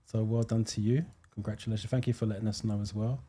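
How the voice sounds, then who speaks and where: A British man with a low, mellow voice runs a live driving theory lesson and talks through viewer comments. He speaks in a fairly flat, chatty way, thinking aloud with plenty of ums and thanking viewers as he goes. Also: quick pace, slightly rough. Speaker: driving theory tutor hosting a live stream. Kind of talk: live stream teaching and reading comments.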